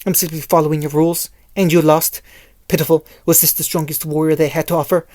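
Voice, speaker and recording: A merciless young male swordsman talks down to a beaten foe in cool, measured contempt, as a narrator puts him on for a fan fiction reading. The pitch barely moves. The sound is close and dry. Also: level tone, a little mellow, no echo, natural voice. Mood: contemptuous.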